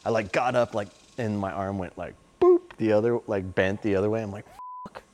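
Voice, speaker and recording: Guy, middle aged, kinda low voice, rambles on with lots of "like" and "you know". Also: fairly even intonation, fast talker, darkish tone. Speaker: interview guest. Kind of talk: casual storytelling.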